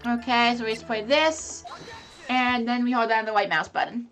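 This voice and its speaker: A woman's voice: a little high, moderate pace, a bit bright, soft background music. Chatty woman gaming streamer. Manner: chatty, apologetic to chat. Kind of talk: casual gaming commentary.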